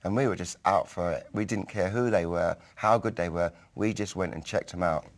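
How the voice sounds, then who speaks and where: A man from North London with a London accent, telling stories in a documentary about his days as a music photographer. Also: a little fast. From North London, England. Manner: animated storyteller who bursts higher and louder when acting out quotes. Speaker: photographer recalling his youth. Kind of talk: documentary storytelling.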